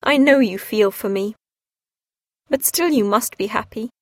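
A despairing young woman, passionate and pleading, as a woman reader puts her on. The voice sits a little high and sounds dry and close, like a storybook read aloud. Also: measured pace, no room sound, lightly acted. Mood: anguished.

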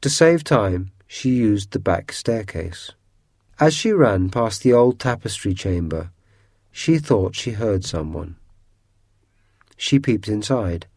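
A man narrating a storybook aloud in a calm, measured way. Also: lowish voice, no room sound, clean studio sound. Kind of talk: storybook reading.

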